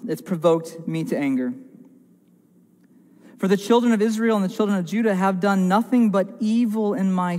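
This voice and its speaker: High-pitched guy preaching, earnest and emphatic, lots of repeating, long churchy echo. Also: darkish tone. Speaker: pastor. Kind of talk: sermon. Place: church sanctuary.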